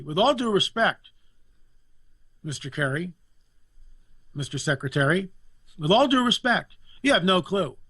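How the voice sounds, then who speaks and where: A man's voice: sits high, sharp tone, no echo. A man talking in an impassioned, indignant way as a guest commentator, repeating phrases for emphasis. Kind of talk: impassioned political talk.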